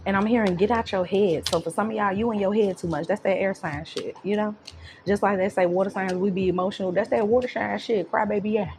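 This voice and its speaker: A woman's voice: mid-range voice, fairly even intonation, fast, a little mellow, slight background noise. Chatty young woman reading tarot. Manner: chatty, laughs often, swears freely. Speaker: tarot reader.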